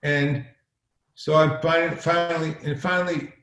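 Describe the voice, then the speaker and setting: A man's voice: fairly high pitch, level tone, unhurried, fairly bright tone. Rambling storyteller man in a roomy space. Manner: rambling, profane, acts out quoted exchanges. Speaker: podcast guest, filmmaker. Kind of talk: casual storytelling. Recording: roomy echo.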